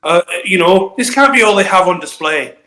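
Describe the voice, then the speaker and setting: A man's voice: sits high, animated, normal speed, bright, forceful tone, poor audio. A man playing a wheedling male pastor who poses as a grieving father, pleading and sugary in a raised voice. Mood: coaxing.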